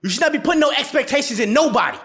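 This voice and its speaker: A man with a fairly high voice delivers a casual advice monologue straight to camera. He talks bluntly and with a lot of swing in his pitch. He laughs often and repeats phrases to drive each point home. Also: animated, rapid-fire, creaky, fairly bright tone. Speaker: relationship advice vlogger.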